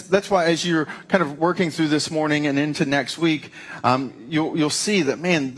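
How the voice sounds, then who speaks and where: A man preaching a sermon as pastor, in a conversational, animated way with playful asides. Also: on the high side.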